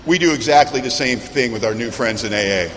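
At a recovery meeting, a man blends funny stories with sincere reflection, speaking briskly in a mid-range voice. A long hall reverb and faint background noise colour the recording.

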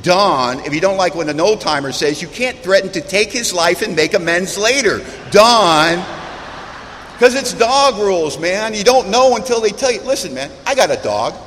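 A high-voiced man tells humorous yet earnest stories to a recovery meeting. His voice carries a long hall reverb, with faint background noise underneath. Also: animated, moderate pace, fairly bright tone. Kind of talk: storytelling talk to a meeting.

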